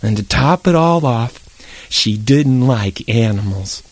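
A man telling a children's story aloud with lively, animated narration. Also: medium pitch, slow, no echo.

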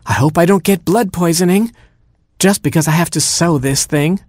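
A man voicing a fretful, self-absorbed baboon queen in a storybook reading, whiny and dramatic in a husky voice. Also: normal speed, a little mellow, no echo, studio quality, lightly acted. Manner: whiny, dramatic, rising into high squeaks.

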